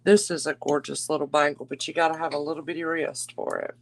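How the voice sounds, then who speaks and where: A woman's voice: low voice, flat delivery, fast talker, creaky, poor audio. A woman hosting a live jewelry auction stream, chatty and gushing, calling her viewers darling and y'all. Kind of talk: casual live-stream selling chat.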